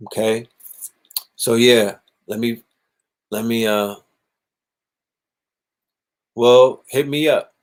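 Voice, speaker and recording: Animated, swearing man on a livestream. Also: medium pitch. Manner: animated, swearing, mocking voices in quotes. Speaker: livestream host. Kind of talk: casual livestream monologue.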